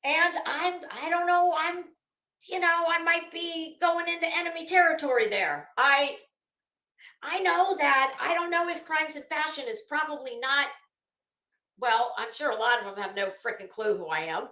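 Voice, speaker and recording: Rambling woman host, high voice, roomy echo, casual chat with restarts. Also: moderate pace, sharp tone. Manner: rambling, many restarts and fillers. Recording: echoey room.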